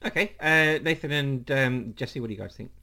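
A man hosting a casual football podcast, reading out lists briskly and correcting himself. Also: medium pitch, bright, forceful tone. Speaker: podcast host. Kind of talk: casual panel chat.

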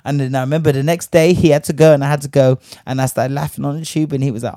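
A young man telling a story in casual chat, brash and profane, ranting with lively energy. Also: mid-range voice, racing, hardly any pauses, no echo, studio quality.

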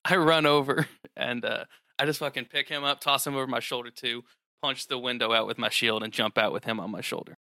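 Gravelly, bright-voiced male player. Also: mid-range voice, steady tone, brisk, dry recording, clean studio sound. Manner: laughing, sweary play description.

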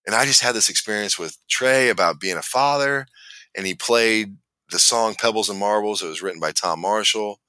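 A man's voice: fairly low pitch, moderate pace, bright, forceful tone, clear, resonant tone, no room sound. A man hosting a podcast, telling a long personal story in a rambling way with many restarts. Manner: rambling, restarts often, laughs while telling. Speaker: podcast host. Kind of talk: casual storytelling chat.

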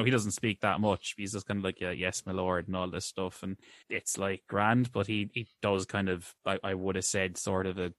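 This is an Irish man co-hosting a casual podcast, chatting about a film. He talks in a lively, joking way, full of fillers and restarts. His voice sits a little low and sounds dry and close to the mic. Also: no echo. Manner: lively, jokey, rambling with many fillers. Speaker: podcast co-host. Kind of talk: casual chat, film review.

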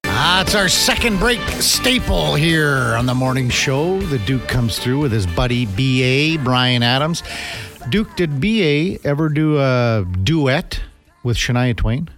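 A man's voice: medium pitch, animated, unhurried, a bit bright, faint music behind. A man hosting a casual morning radio show, rambling and chatty with lots of fillers.

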